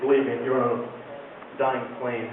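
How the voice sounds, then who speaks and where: A man's voice: mid-range voice, level tone, normal speed. A man telling a goofy, rambling joke on stage at a live show, with many fillers. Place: live show venue, indoors. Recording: tinny, echoey live venue from far off, with background noise.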